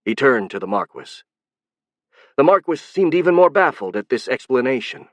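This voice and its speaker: A man narrating a fantasy audiobook in a steady, even storytelling manner. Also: medium pitch, normal speed, no echo, highs cut off. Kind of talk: scripted narration.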